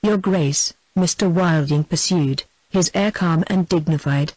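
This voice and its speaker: A reader voicing a calm, dignified gentleman conspirator who speaks slowly and quietly in a storybook. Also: mid-range voice, no echo, natural voice, poor audio. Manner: calm, almost apathetic delivery. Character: calm, dignified male plotter, quietly blunt.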